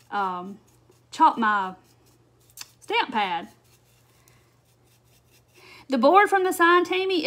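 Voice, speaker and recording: Woman, craft livestream host; a little high, chatty and easygoing, laughs a lot, talks to viewers while working. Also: a bit bright. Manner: chatty, answers viewer comments, laughs often. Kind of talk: casual live craft demonstration.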